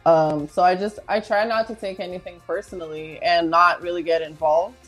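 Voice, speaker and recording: Easygoing lower-voiced woman guest. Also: fairly even intonation, normal speed, a bit bright, soft background music. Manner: easygoing, many "like" fillers. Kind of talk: casual chat.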